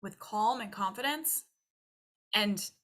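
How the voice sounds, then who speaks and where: Young woman, nutrition coach, casual advice, animated, acts out her thoughts, crisp bright tone. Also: mid-range voice, slow pace. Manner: animated, acts out her own inner thoughts in quoted voices. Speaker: nutritionist and weight loss coach.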